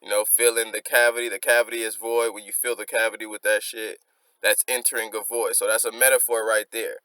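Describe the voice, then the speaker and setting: A man's voice: on the low side, flat delivery, fairly quick, pushed and bright, dry recording, low-quality recording. A man hosting a music reaction, reflectively explaining song lyrics line by line in casual slang.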